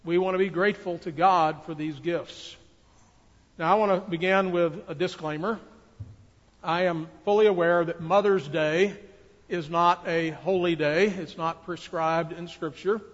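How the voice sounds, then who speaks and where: A man preaching a sermon from the pulpit, speaking earnestly with measured, emphatic delivery. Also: on the high side, steady tone. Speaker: pastor. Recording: dull audio with long church reverb.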